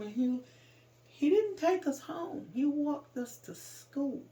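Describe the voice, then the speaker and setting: A woman tells a painful story from her own life in plain, informal speech. Her talk is raw and emotional, and she rises to loud outbursts when she relives the worst moments. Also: sits high, lively intonation, slow, muffled recording. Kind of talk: personal storytelling.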